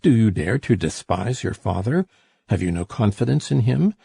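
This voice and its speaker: A man's voice: lowish voice, lively intonation, normal speed, creaky, mellow, husky, no room sound, exaggerated voice. Man reading as a miserly old father. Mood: angry. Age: older. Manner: wheedling then furious. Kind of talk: audiobook character reading.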